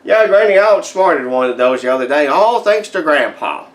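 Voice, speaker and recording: Man doing a dim-witted bumbling grandson, high voice, rambling folksy comedy tale, stammers and restarts. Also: big pitch swings, normal speed. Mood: excited. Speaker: comedy character telling a story to his grandmother. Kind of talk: comedic storytelling monologue.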